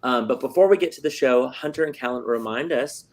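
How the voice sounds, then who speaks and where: A middle-aged man hosting a casual theater talk show, excitable and full of fillers. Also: medium pitch, a little fast. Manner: chatty, excitable, lots of fillers. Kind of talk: casual livestream chat.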